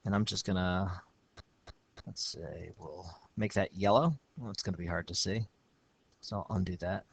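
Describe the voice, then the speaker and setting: A man's voice: deep voice, normal speed, vocal fry, husky. Upbeat male teacher explaining essay writing. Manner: upbeat, reads student writing aloud and comments. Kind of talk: recorded lesson with screen walkthrough.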